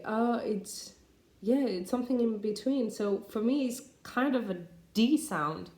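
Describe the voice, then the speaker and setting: A woman teaching English pronunciation, talking slowly and deliberately with frequent hesitations. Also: lowish voice, reverberant. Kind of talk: pronunciation lesson to camera.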